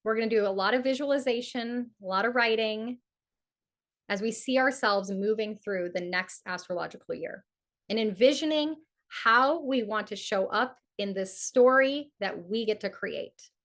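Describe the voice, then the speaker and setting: A woman astrologer leading a live community event, teaching in a lively way and acting out inner voices with repeated phrases for emphasis. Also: on the high side, normal speed. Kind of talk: energetic teaching talk with guided ritual.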